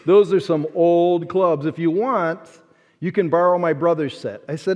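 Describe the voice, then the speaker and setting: A man preaching a sermon, telling a personal story and acting out the people in it in an animated way. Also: on the high side, measured pace. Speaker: pastor. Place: large church sanctuary. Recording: dull-sounding sermon audio with long hall reverb.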